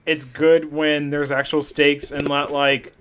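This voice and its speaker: A man's voice: a little high, monotone, takes it slowly, fairly bright tone, a little hiss or hum. A young man co-hosting a casual wrestling podcast, joking, swearing and mimicking people in silly voices. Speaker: podcast co-host.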